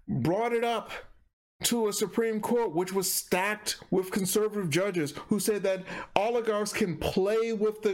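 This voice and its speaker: A man's voice: high voice, slight background noise. A man giving casual reaction commentary on a political clip, exasperated and mocking, rambling with stumbles.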